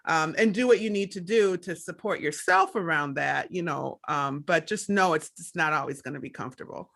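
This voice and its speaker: A woman's voice: sits low, normal speed, vocal fry, hardly any pauses, fairly bright tone. A woman panel guest speaking reflectively on a radio discussion, often restarting her sentences. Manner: reflective, hesitant with many restarts.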